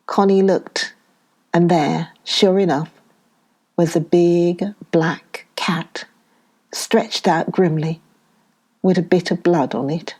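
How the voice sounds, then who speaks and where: Slow, mellow woman reading a novel. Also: sits low, fairly even intonation. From United Kingdom. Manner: slow, measured reading with voiced dialogue. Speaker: audiobook reader. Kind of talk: scripted narration.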